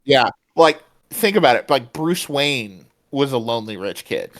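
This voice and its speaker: A man's voice: mid-range voice, animated. A man co-hosting a podcast in casual chat, rambling with plenty of fillers and restarts. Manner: rambling, many fillers, does quick mock voices. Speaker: podcast co-host.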